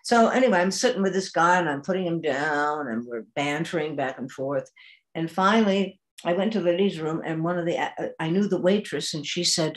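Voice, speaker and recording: An older actress, a woman, telling a lively anecdote in an interview with laughter and animation. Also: low voice, a little fast. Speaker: actress guest. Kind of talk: anecdotal storytelling.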